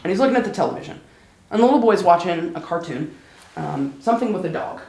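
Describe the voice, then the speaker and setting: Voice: medium pitch, expressive. Storyteller in an echoey hall. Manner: conversational, warm-humored, slows down for emotional moments. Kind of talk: live personal storytelling. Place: stage at a live storytelling show.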